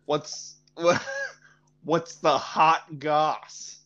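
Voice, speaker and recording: A man's voice: a little high, fairly even intonation, very slow, a bit bright, muffled recording. A young man co-hosting a podcast in casual chat, laughing often and rambling. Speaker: podcast co-host.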